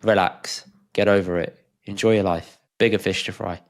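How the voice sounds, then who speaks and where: Male podcast co-host, relaxed, emphatic, quick to laugh. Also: deep voice. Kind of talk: casual chat.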